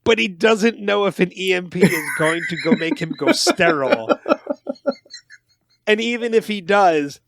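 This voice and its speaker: Animated higher-voiced man reviewing a film. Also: a little slow, background noise. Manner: animated, restarts and repeats words when excited. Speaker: podcast co-host. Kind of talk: casual movie review chat.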